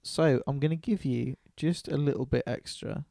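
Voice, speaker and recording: A man's voice: medium pitch, moderate pace, vocal fry, warm tone, dry recording, clean studio sound. A man casually retelling a Bible story in an irreverent, sweary way, acting out the characters' lines.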